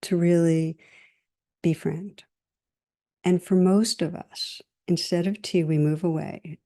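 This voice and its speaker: A middle-aged woman giving a meditation teacher's dharma talk, gentle and measured, telling stories and listing things slowly. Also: on the low side, fairly even intonation.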